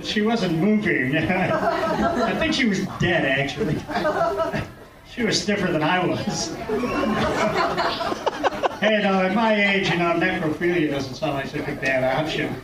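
Older male comic in a loud club. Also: high voice, expressive, unhurried, long pauses. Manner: crude, self-mocking jokes. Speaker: stand-up comedian. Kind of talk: stand-up comedy set. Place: comedy club stage. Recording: distant, echoey club recording with loud crowd.

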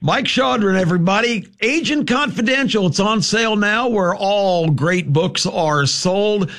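A man's voice: high voice, lively intonation, a bit bright. A man hosting a sports radio show, talking casually and chatting with his guest. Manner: chatty, with quick interjections.

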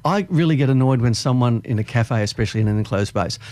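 A man, a guest on a casual chat show, telling stories in a lively, chatty way. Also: medium pitch, quick pace. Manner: chatty, animated storyteller.

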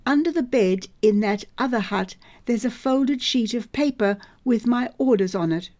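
A woman voicing a captured male frontier soldier who answers in flat, terse, guarded replies. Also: a little high, moderate pace, close to an everyday voice.

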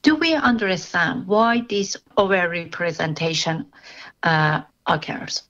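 A woman interviewer who asks measured, careful questions and adds brief affirming interjections while her guest speaks. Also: on the low side, expressive, fairly bright tone, dull audio.

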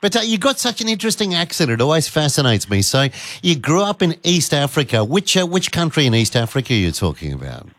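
A man's voice: fairly high pitch, sing-song, fast, hardly any pauses, fairly bright tone, no room sound. A man hosting talkback radio, chatting with callers in a cheeky, jokey way. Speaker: radio host. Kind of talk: casual talkback radio chat.

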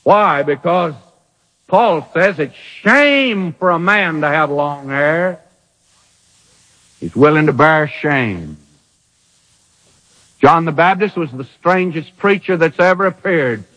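A man preaching a sermon with emphatic rhetorical questions and dramatic pauses, from an old radio broadcast. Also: on the high side, lively intonation, a bit bright, big-room sound.

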